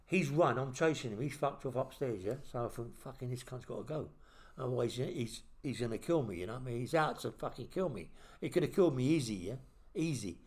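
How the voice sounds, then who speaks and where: A man's voice: medium pitch, animated, fairly quick, darkish tone. A middle-aged man, a podcast host telling a blunt, swear-filled story in casual chat.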